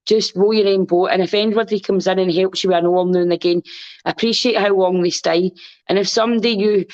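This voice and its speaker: A podcast guest with a Scottish accent chats casually, his medium-pitched voice darkish in tone and the audio dull. He rambles earnestly, swears freely, and keeps repeating "you know what I mean."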